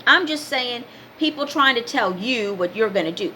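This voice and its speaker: A woman's voice: on the high side, animated, normal speed, pushed and bright, a little hiss or hum. A woman in her fifties giving a blunt, emphatic motivational talk in a casual vlog. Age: 50s. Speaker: spiritual vlogger and card reader.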